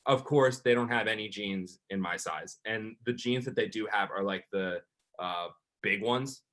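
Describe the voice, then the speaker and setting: A man with a bright, forceful voice co-hosts a sports podcast in casual chat. He tells a long story with animated energy, rambling and filling his sentences with "like". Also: lowish voice, normal speed. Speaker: podcast co-host and sports reporter.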